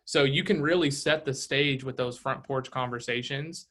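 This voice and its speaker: A man's voice: mid-range voice, moderate pace, a bit bright. A man leading a casual real estate training session, coaching with rhetorical questions and a frequent "right?".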